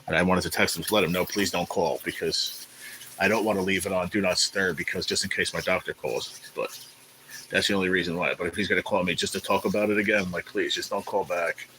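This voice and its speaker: A man hosting a casual live stream, rambling in a laid-back way and greeting viewers by name, sounding tired and low on energy. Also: steady tone, fast talker, pushed and bright, slight background noise, low-quality recording. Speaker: livestream host. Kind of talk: casual livestream chat.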